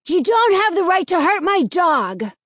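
A woman plays a tall, lanky teenage boy standing up to an adult. He shouts slowly and insistently, high and raised. The sound is dry and close. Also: animated, no room sound. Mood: defiant.

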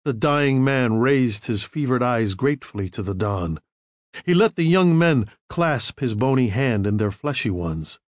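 A man narrating a novel in an expressive storytelling manner. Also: mid-range voice, a little slow, no echo, studio quality. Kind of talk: audiobook narration.

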